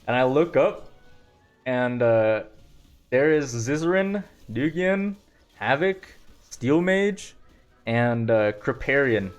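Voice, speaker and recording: A man's voice: mid-range voice, lively intonation, takes it slowly, clean tone, dull audio, soft background music. A young man streaming, rambling casually through stories with lots of fillers and self-deprecating asides. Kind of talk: casual storytelling on a live stream.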